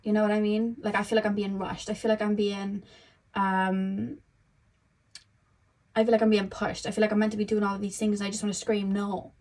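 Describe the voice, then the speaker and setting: A woman's voice: mid-range voice, level tone, fairly quick, darkish tone. Chatty young woman giving a tarot reading. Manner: chatty, rambling, lots of "you know" and "um". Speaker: tarot reader. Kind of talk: casual spoken tarot reading.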